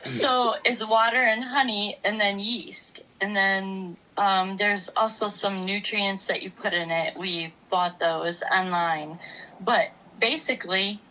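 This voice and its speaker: Chatty woman co-host, bright and forward voice, faint noise behind. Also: mid-range voice, fairly even intonation, takes it slowly, rough recording. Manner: chatty, explains step by step. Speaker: podcast co-host. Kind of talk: casual chat.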